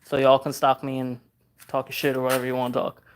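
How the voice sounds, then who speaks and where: A man's voice: mid-range voice, monotone, quick pace, slight background noise. Casual livestream host: man in his thirties from Trinidad, chatty, laid-back, reads out viewer comments and laughs a lot. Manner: chatty and easygoing, reads viewer questions aloud, laughs often. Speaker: car customizing channel host.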